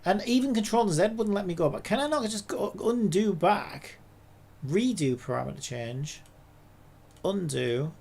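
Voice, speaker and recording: A woman's voice: lowish voice, expressive, measured pace, gravelly, a little mellow, slightly rough. A woman, a game developer, talking to herself in a casual dev log, frustrated and swearing a lot.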